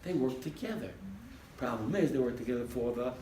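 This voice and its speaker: A man teaching a Torah class as a rabbi, animated, acting out little scenes in funny voices and laughing along. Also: mid-range voice, a little fast, a crowd in the background. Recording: echoey room, mic at a distance, faint background hiss.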